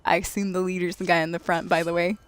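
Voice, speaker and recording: A woman's voice: on the low side, flat delivery, quick pace. Chatty, giggly woman game streamer. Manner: chatty, giggly, talks to her viewers. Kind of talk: casual live-stream chat.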